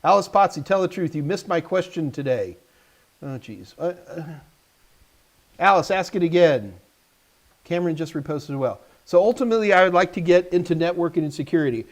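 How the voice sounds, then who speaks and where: A man's voice: fairly high pitch, expressive, brisk. A man hosting a live stream, answering viewers' tech questions in a casual, joking way and talking straight to the chat.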